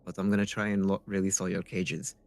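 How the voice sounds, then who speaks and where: Low-voiced man playing a tabletop game. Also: level tone, a little fast, darkish tone. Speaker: player. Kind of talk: in-character tabletop play.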